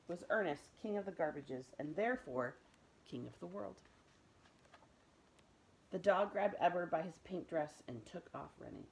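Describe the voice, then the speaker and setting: A woman librarian reading a children's book aloud in a gentle, expressive storytelling voice. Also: sits low, moderate pace, gravelly, rough recording. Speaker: school librarian.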